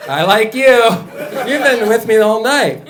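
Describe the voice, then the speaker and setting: A young man doing a stand-up set on a club stage, deadpan, with mumbled asides and loud punchlines. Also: very high voice, normal speed. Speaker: stand-up comedian. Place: comedy club stage with a live audience. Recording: laughing crowd in a room.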